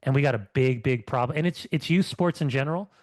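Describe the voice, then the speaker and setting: A man's voice: mid-range voice, fast, dry recording. Middle-aged man, ex-athlete co-host, heated ranting chat, dry close sound. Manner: fired-up ranting with restarts. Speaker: podcast co-host, former athlete. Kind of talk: casual podcast chat.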